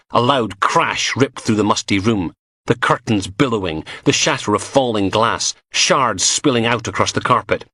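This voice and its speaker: A man narrating a crime audiobook in an expressive, vivid storytelling manner. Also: deep voice, moderate pace, no room sound, clean studio sound.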